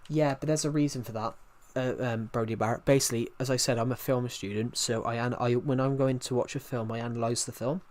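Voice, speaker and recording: A man's voice: mid-range voice, fairly even intonation, brisk, hardly any pauses, darkish tone. A young British man chatting casually on a livestream, rambling with many restarts and answering viewer comments. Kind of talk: casual stream chat.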